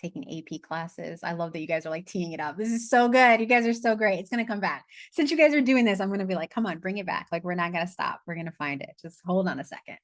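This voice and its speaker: A woman's voice: on the low side, fast talker, hardly any pauses, dry recording, clean studio sound. A woman leading a money masterclass over a video call, chatting casually, laughing, swearing and losing her train of thought. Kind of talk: casual live online class.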